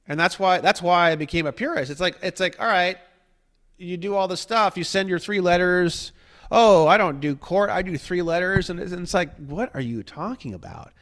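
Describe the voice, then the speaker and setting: Man, higher-pitched, profane rambling guest who acts out mocking impressions. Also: a bit bright. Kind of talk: casual podcast chat.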